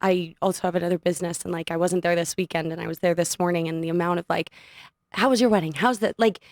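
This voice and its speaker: Woman, low gravelly voice, casual storytelling, dry close sound. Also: fast, no room sound. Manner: animated, laughs often, quotes others in her story. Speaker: podcast guest, studio owner. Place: podcast studio.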